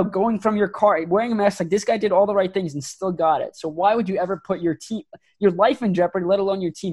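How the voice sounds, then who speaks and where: A man's voice: high-pitched, a little mellow. Ranting man on a sports podcast. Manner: emphatic, ranting, rapid restarts. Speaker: podcast co-host. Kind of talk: heated sports podcast rant.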